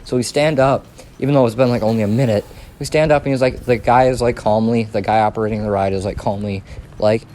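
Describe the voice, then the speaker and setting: Young male vlogger, casual profane storyteller, mid-pitch, light background hiss. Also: fast talker. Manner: rambling, profane, animated.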